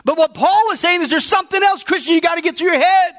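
A man preaching a sermon, fervent and often shouting. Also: extremely high pitch, fast.

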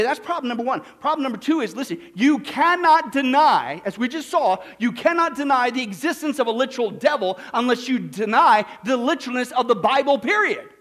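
A man's voice: extremely high pitch, fairly bright tone. A man preaching a sermon, reading verses and putting emphatic questions to the congregation. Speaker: pastor.

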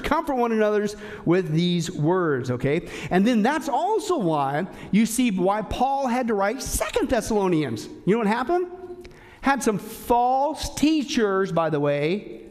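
A pastor preaches emphatically, firing rhetorical questions at his congregation. His delivery swings from loud, sharp lines to hushed, low ones.

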